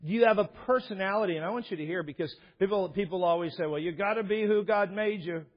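A man's voice: high-pitched, fast talker. A male pastor preaching a sermon, asking his congregation earnest, direct questions. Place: church sanctuary. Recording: dull echoing church hall.

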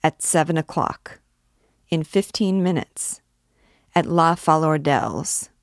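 A woman's voice: low voice, no echo, clean studio sound. A woman voicing a brash, hot-tempered young army captain in a read-aloud novel. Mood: swaggering. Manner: swaggering and quick to anger.

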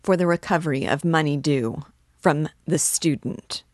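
A woman reading aloud the lines of a brisk male office clerk who explains things in a matter-of-fact way. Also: sits low, no room sound, clean studio sound. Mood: businesslike.

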